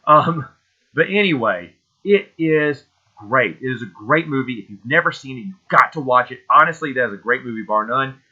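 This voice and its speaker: A man's voice: mid-range voice, animated, moderate pace, narrow, tinny audio. A man hosting a casual solo movie show, talking with enthusiasm and rambling as he fishes for names. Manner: enthusiastic, rambling, loses names mid-sentence. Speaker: host.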